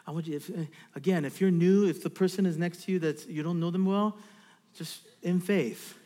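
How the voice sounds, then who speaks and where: A man's voice: sits high, moderate pace, in a large hall. A man preaching a sermon in a church, reading scripture and then leading the congregation in an interactive exercise. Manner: animated preaching with direct audience instructions. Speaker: pastor. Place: church sanctuary.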